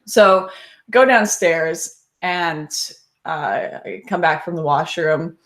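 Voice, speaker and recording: Young woman telling a story, slightly low. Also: takes it slowly. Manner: animated, laughs often while telling the story. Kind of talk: casual first-person storytelling.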